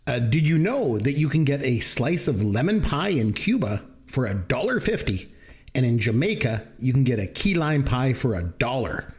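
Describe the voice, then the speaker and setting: A man's voice: medium pitch, big pitch swings, normal speed. A middle-aged Canadian man with a Canadian accent, hosting a casual podcast chat, jokey and chatty. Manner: chatty, jokey, laughs often. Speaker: podcast host.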